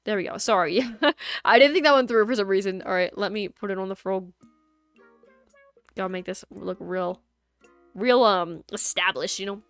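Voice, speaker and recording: A woman's voice: mid-range voice, normal speed, long pauses, fairly bright tone, clean tone, dry recording, soft background music. A woman streaming a video game, chatting casually in a giggly, rambling, playful way into a USB microphone at home. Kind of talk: casual gameplay chat.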